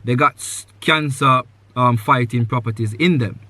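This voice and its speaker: Bright, earnest man hosting a podcast. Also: medium pitch, normal speed, dry recording. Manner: earnest, advice-giving, repeats key points; loose sentences with many "you know" fillers. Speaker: podcast host. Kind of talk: live podcast conversation with a guest.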